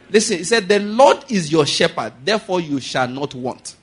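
A man pastor preaching a sermon, swinging between quiet asides and sudden loud, high emphasis. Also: expressive, normal speed, husky. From Nigeria.

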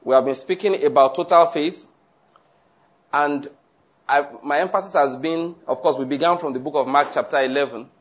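A man's voice: on the high side, normal speed. A man preaching a Bible-study sermon, reading scripture aloud and earnestly repeating his points for emphasis. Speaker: pastor teaching a Bible study.

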